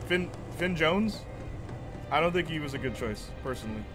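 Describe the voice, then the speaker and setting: Young guy rambling thru a game stream, chatty, laughs a lot, game music loud behind him. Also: a little high, expressive, normal speed. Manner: rambling, chatty, reacting to chat, laughs often. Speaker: gaming streamer. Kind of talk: casual chat while playing.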